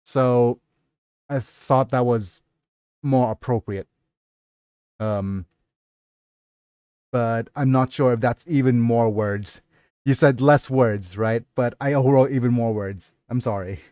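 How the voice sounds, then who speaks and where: Halting, apologetic man streaming. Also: mid-range voice, dark tone, smooth, no echo, clean studio sound. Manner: halting and apologetic, many fillers. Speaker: livestreamer and novelist. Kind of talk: casual livestream chat about his writing.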